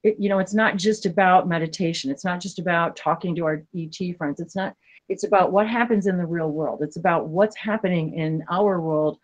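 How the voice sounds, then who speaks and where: A woman hosting a spiritual livestream, talking casually in an earnest, emotional way, rambling with many halting restarts. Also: fairly low pitch.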